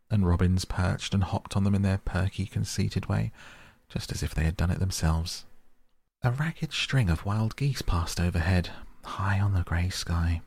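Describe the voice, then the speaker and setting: A man's voice: low voice, vocal fry, breathy edge, heavily acted. A man doing a cheerful, bold otter. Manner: cheerful, lively storytelling.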